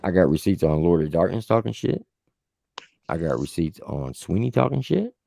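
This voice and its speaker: Deep gravelly man ranting. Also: normal speed. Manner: profane, animated storytelling. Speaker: show host. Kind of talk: heated casual livestream rant.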